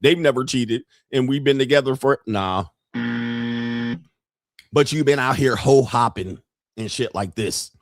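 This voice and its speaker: A man's voice: medium pitch, measured pace, pauses often, no echo. Middle-aged guy on a livestream, crude and joking, dead dry sound. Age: 50s. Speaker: livestream host. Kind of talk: casual livestream commentary.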